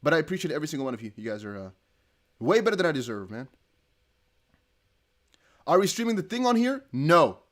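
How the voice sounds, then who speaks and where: A man's voice: on the high side, very animated, a little fast, long pauses. A young man from the Netherlands hosting a casual crypto livestream, reading out donations in a rambling, laughing way. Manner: chatty, laughing, rambling with restarts.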